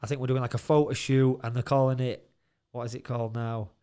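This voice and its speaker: A man's voice: mid-range voice, level tone, fast talker, dark tone, clear, resonant tone. A man co-hosting a podcast in a studio, telling stories in a loose, laughing, swearing way. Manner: swears a lot, laughs, tells stories animatedly. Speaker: podcast co-host. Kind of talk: casual chat.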